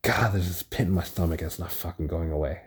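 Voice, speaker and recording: A young man alone at home, recording a casual solo rant on his phone, rambling excitedly and swearing often. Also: deep voice, brisk, breathy edge. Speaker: podcast host. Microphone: phone recording app.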